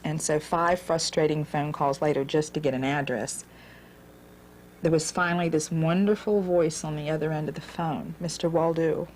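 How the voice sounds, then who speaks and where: A woman in her forties telling her own life story in an earnest, halting way, repeating words as she goes. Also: low-pitched, steady tone, a little mellow, slight background noise. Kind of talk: personal storytelling.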